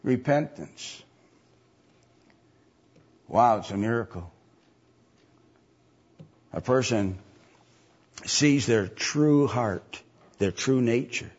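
A man's voice: mid-range voice, animated, drawn-out words, pauses often, a little mellow, husky. A man preaching a sermon, emphatic, with mocking voices when he quotes others. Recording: dull lo-fi recording.

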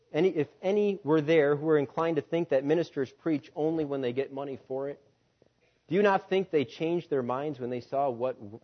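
A man preaching, reading a story aloud with dramatic delivery and rhetorical questions, on a dull lo-fi recording. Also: mid-range voice.

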